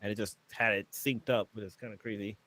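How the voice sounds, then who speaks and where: A man's voice: fairly low pitch, fairly even intonation, fast, a bit bright, dry recording. Wry chuckling man, dry sound. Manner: wry, chuckling, reads facts aloud. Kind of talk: casual livestream chat.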